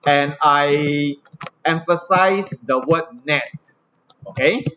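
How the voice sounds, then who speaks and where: A man's voice: on the high side, expressive, normal speed, fairly bright tone, a little hiss or hum. Singaporean male physics teacher, lo-fi. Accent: Singaporean English. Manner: checks understanding with frequent tag questions. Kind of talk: classroom lesson. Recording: slightly dull lo-fi recording, faint ambience.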